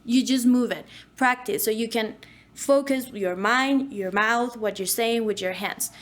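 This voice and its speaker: A woman's voice: on the high side, a little slow. A woman teaching an online voice acting course, speaking in an instructive way and demonstrating diction drills.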